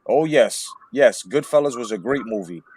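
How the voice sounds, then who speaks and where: A man hosting a casual movie-talk livestream, telling stories in an animated, swearing way. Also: medium pitch, normal speed, slight background noise. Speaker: livestream host.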